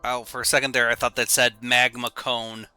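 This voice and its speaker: Man, young adult, game streamer, rambling, goofy, self-mocking, very bright tone, medium pitch. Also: flat delivery, normal speed, smooth, no room sound, faint music behind. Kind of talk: casual gameplay commentary.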